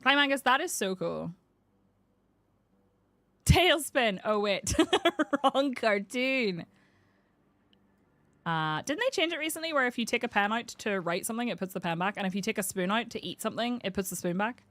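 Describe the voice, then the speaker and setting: A woman from Northern Ireland with a Northern Irish accent, a game streamer chatting casually with her chat, self-mocking and quick to laugh. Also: mid-range voice, animated, fairly bright tone, no echo. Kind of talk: casual live-stream chat while playing.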